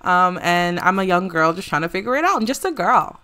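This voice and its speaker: A woman's voice: fairly low pitch, lively intonation, fairly quick, sharp tone. A woman voicing a young female construction site manager who is insecure but set on winning her crew over, in a bubbly, chatty voice. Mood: determined.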